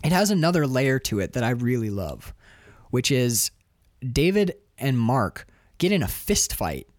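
A man's voice: medium pitch, measured pace, dry recording, studio quality. A man co-hosting a casual film talk, retelling scenes with lots of voices. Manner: animated, acts out characters in quotes. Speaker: podcast co-host.

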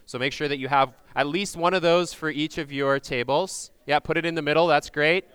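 A man leading a group through a Passover meal, giving loud instructions into a microphone and checking in with frequent "okay?"s. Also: a little high, steady tone, a little fast, clear, resonant tone, dry recording. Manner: projects loudly into a microphone. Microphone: handheld or stand microphone.

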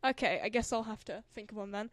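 A woman's voice: mid-range voice, quick pace, dry recording, studio quality. A woman hosting a podcast, chatting casually and rambling with lots of fillers. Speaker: podcast host. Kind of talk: casual chat.

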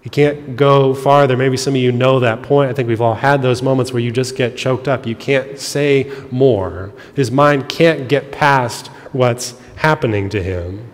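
Man, pastor, sermon, earnest, explanatory, mid pitch, long church hall reverb. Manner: earnest, explanatory, softening to quiet on heavy lines. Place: church sanctuary.

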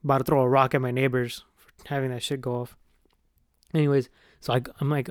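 A man's voice: medium pitch, flat delivery, brisk, dry recording, studio quality. A young man telling a long, profane, rambling story in casual podcast chat, full of "like" and "right?". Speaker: podcast host.

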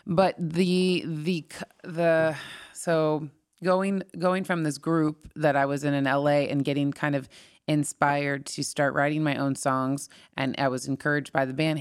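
Low-voiced woman telling stories. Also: a little slow, clear, resonant tone, no room sound, studio quality. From California. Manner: rambling, animated storytelling. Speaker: guest singer-songwriter. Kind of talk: casual interview chat.

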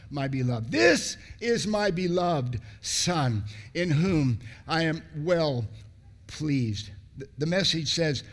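A high-voiced male preacher with a gravelly rasp, delivering a sermon in a lively, sing-song rise and fall. He repeats phrases for emphasis, swinging from loud raised bursts down to hushed, drawn-out words.

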